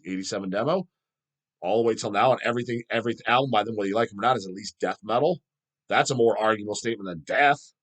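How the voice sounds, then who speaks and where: A man's voice: lowish voice, fast talker, fairly bright tone. A middle-aged man hosting a solo vlog, ranting heatedly and profanely. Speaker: channel host.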